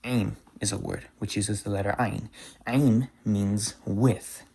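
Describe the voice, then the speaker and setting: A man teaching pronunciation in a patient explanatory lesson, repeating example words slowly. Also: on the low side, fairly even intonation, vocal fry, mellow, slight background noise.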